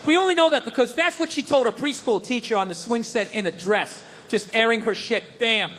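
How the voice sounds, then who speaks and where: A middle-aged man doing stand-up on a club stage, telling a profane, animated story and mimicking his family. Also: very high-pitched, fairly quick. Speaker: stand-up comedian.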